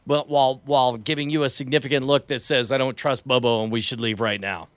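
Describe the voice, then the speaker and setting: A man's voice: mid-range voice, steady tone, fast talker, fairly bright tone, dry recording. A man playing a tabletop role-playing game, describing his character's actions in a wry, snide way. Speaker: player. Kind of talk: tabletop role-play banter.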